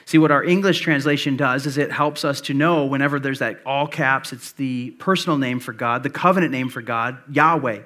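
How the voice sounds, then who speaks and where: A man's voice: medium pitch, normal speed, few pauses, bright, forceful tone. A man in his thirties, a pastor preaching a sermon in a loose, conversational way, telling stories with plenty of fillers. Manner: conversational storytelling with many fillers.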